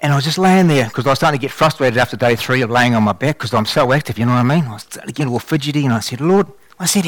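A man shares a testimony from the pulpit, telling his story with animated energy and many restarts. His voice sits in a middle pitch, and the sound is dry and close. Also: racing, few pauses, dry recording. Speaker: lay preacher giving testimony. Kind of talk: sermon testimony.

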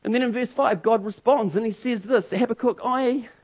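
A male preacher with a notably high voice delivers a sermon with emphatic, dramatic force. He hammers home repeated phrases and lets his volume swing from loud to near-hushed. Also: fairly quick.

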